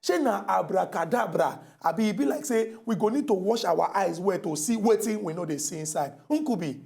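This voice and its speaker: A man's voice: sits high, animated, fairly quick, creaky, a little mellow. A man with a Nigerian Pidgin accent hosting a heated TV political debate, combative and theatrical. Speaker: TV talk show host.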